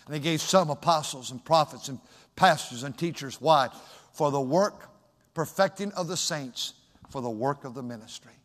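A man preaching a sermon, moving from quiet storytelling to loud, shouted exhortation. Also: fairly high pitch, moderate pace. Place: church sanctuary. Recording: long hall reverb.

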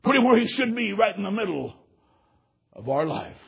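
A man preaching a sermon and leading an altar call, swinging from hushed, quiet passages to shouted, impassioned climaxes. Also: sits high, very animated, normal speed, gravelly, slightly rough. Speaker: pastor. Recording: dull lo-fi recording.

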